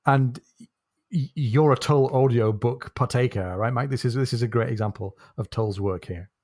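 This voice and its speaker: A man co-hosting a podcast, musing about a novel and posing questions in a relaxed chat. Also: mid-range voice, moderate pace, dry recording, studio quality. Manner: thoughtful, poses questions to the listener. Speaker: podcast co-host. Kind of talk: casual book discussion.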